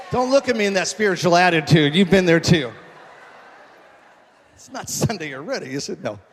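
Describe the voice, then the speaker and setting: A man preaching a sermon, telling a story with lively acted-out quotes and jokes to his congregation. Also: a little high. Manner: animated, acts out quoted voices, jokes with congregation. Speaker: pastor. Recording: long hall reverb.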